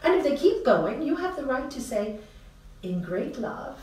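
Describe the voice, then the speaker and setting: A woman's voice: high-pitched, sing-song, a little slow, a little mellow. Woman from India telling spiritual stories. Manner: storytelling, rhetorical questions, frequent laughter. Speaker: spiritual teacher. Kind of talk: informal spiritual talk. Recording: echoey room, distant mic, faint hiss.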